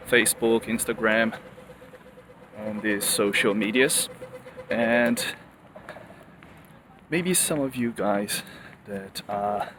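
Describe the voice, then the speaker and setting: A young man from Brazil with a Brazilian Portuguese accent, talking to camera in a casual vlog, slow and deliberate, often rephrasing himself with fillers. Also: fairly low pitch, background noise. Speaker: vlogger. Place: room in Australia.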